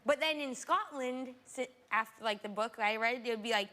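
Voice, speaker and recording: A woman's voice: a little high, normal speed, bright, forceful tone. A woman from Alaska, a talk show guest, chatting in a giggly, rambling, hesitant way. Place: theatre stage before an audience.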